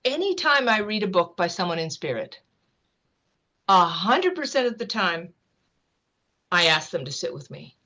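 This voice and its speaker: A woman speaking at a medium pitch, telling a story with animated, vivid energy. Her delivery is conversational, with light laughter worked in, and she sounds like a guest sharing an anecdote on a talk show. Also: normal speed, pauses often. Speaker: guest author.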